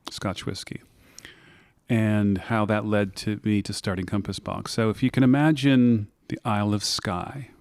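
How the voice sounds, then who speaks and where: Deep-voiced American man, dry sound. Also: steady tone, measured pace, darkish tone, dry recording. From United States. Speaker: guest, whisky maker. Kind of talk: relaxed interview storytelling. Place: blending room in an office.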